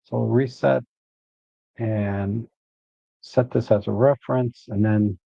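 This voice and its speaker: A man hosting a live photo editing walkthrough, relaxed and thinking aloud as he works. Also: medium pitch, takes it slowly, gravelly, slightly rough, no room sound, dull audio.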